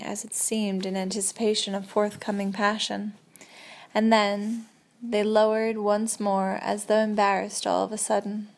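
A woman reading a novel aloud in the first person, steady and even with the odd slip. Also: on the high side. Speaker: audiobook reader. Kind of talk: first-person audiobook narration.

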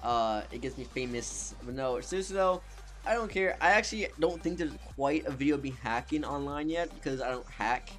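A man's voice: fairly high pitch, a little fast, fairly bright tone, soft background music. A man giving casual, sarcastic commentary over gameplay, often cracking up laughing as he jokes. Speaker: gaming channel host.

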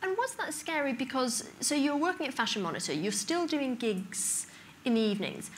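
A woman's voice: sits high, sing-song, normal speed, slight background noise. A woman in her thirties, a magazine editor interviewing on stage, asking long, winding questions full of hedges. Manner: probing, rambling questions with many hedges. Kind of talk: onstage interview. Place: conference stage before an audience.

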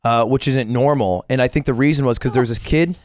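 A young man from New Hampshire, co-hosting a podcast and telling a relaxed anecdote. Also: mid-range voice, fast, no room sound. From New Hampshire, USA. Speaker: podcast co-host. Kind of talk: casual podcast chat.

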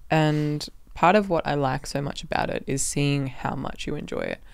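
A woman co-hosting a casual podcast chat, calm and thoughtful in her explanations. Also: low-pitched, moderate pace, gravelly, dry recording. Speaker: co-host and partner.

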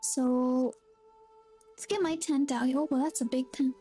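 A woman streamer chats casually while she plays, greeting viewers and reading out their messages. Her voice is high and friendly. Soft background music runs beneath her talk. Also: steady tone, a little slow, breathy edge. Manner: chatty, reads chat aloud, friendly greetings. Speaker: game streamer. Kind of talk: casual gameplay chat.

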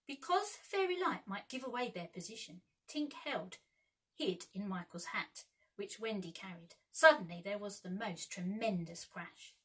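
A woman teacher reading a children's storybook aloud with lively expression. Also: mid-range voice, unhurried, breathy edge, poor audio.

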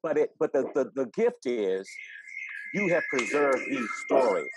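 A man's voice: medium pitch, big pitch swings, unhurried, very noisy. A man hosting a live virtual interview, speaking with enthusiasm and affirming his guest, often repeating words. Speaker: host. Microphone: video call.

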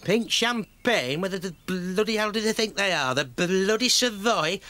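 A man's voice: sits high, expressive, moderate pace, pushed and bright, a little hiss or hum. An actor playing a grumpy, stammering male chalet-park manager. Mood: grumbling. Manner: stammers, grumbling.

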